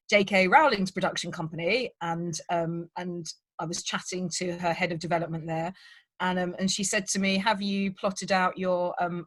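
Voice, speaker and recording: A woman's voice: medium pitch, a bit bright. A woman hosting a writers' panel over a video call, telling anecdotes in a chatty style with many fillers and frequent laughter. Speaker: crime writer and panel host. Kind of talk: casual panel chat.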